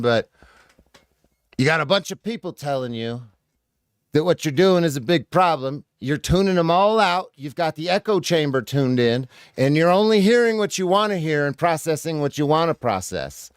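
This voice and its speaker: A man's voice: medium pitch, lively intonation, moderate pace, clean tone, no echo, clean studio sound. Sarcastic, swearing commentator man. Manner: profane, sarcastic, combative. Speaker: commentator reacting to a video. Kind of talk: casual reaction commentary.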